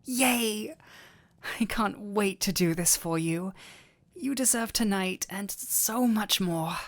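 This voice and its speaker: A woman's voice: mid-range voice, takes it slowly. A woman voicing a doting headless dullahan boyfriend. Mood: affectionate. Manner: tender, giddy and affectionate, playful self-teasing. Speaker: voice actor. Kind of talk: audio role-play for a listener.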